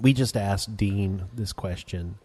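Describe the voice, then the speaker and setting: A man's voice: on the low side, slow pace, darkish tone, breathy edge. A man hosting a casual podcast chat, hesitant and wry, with lots of restarts. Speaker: podcast host.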